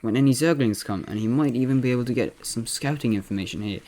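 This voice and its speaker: A man's voice: medium pitch, fast, mellow, lightly acted. A man putting on an impression of a video game caster, commenting on a replay with many fillers and self-corrections. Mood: upbeat commentary.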